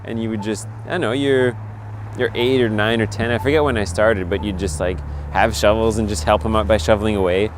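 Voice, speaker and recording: A man's voice: fairly low pitch, fairly quick, a little hiss or hum. A young man telling stories and explaining things casually in a documentary interview. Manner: casual, storytelling, lively quoting. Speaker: snow sculptor.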